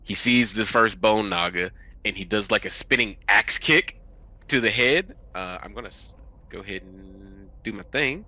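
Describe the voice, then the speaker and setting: A man's voice: fairly low pitch, moderate pace, pushed and bright. A man playing a tabletop game, animatedly describing his character's moves. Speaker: player.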